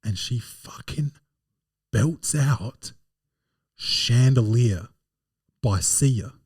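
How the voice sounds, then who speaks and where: A man's voice: medium pitch, very slow, a little mellow, husky, no echo, studio quality. A man with an Australian accent, hosting a podcast and telling a rambling, slangy, digressive story as comedic review. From Adelaide, Australia. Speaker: podcast host.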